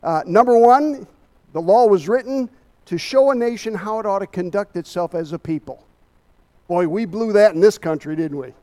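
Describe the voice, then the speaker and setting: A man's voice: high voice, normal speed, darkish tone. A man giving a Bible study sermon, emphatic and a little out of breath, often asking his listeners rhetorical questions.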